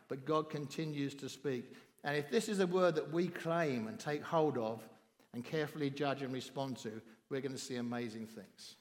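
A man with a southern English accent preaching a sermon as a visiting pastor, emphatic and at times rising almost to a shout. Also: a little high. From southern England. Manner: emphatic, rising to near-shouting on key phrases. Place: church hall. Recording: reverberant church hall.

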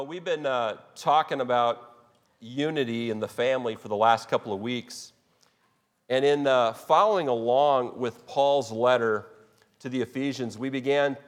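A man delivering a sermon from the pulpit, earnest and emphatic, now and then stumbling over a phrase. His voice sits at an ordinary middle pitch. It carries a long reverberant tail from the church hall. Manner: earnest, emphatic preaching with repeated restarts. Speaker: pastor. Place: church sanctuary.

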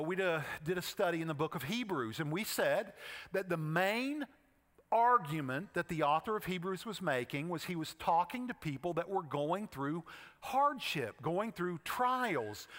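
Male pastor, animated sermon delivery, reverberant hall. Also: high-pitched. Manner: expressive preaching with rhetorical questions and dramatic pauses.

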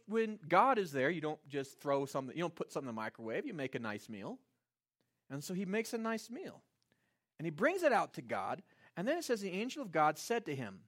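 A man preaching a sermon in a conversational, animated way, voicing characters with playful asides. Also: on the high side. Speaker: pastor.

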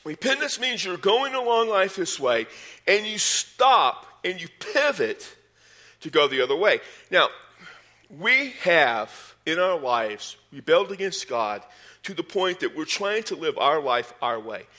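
A pastor preaches animatedly from the pulpit, his bright, sharp-edged voice a little higher than most men's and a little slow. When stressing a point he climbs in pitch and volume, and he sprinkles in folksy, homespun asides and sports metaphors.

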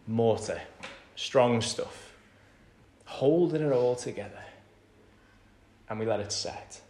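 A man preaching a conversational sermon in a church. He repeats key phrases and swings from hushed to loud. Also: medium pitch, slow. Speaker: pastor. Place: church hall. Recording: echoey church hall.

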